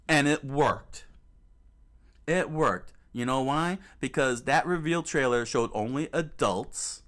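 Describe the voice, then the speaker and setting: A man's voice: mid-range voice, takes it slowly, fairly bright tone. A man hosting a gaming channel, chatting casually and emphatically, repeating himself and restarting sentences often. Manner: emphatic and repetitive, with many restarts and fillers. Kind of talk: casual commentary while browsing clips.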